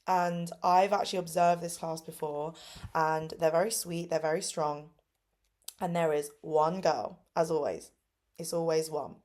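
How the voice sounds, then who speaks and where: Young English woman vlogger, twenties, slightly low voice, casual and upbeat, filler-heavy storytelling. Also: steady tone, a little slow, a little mellow. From England. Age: 20s. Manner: upbeat, lots of fillers, acts out kids' voices with big pitch jumps. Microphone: phone camera.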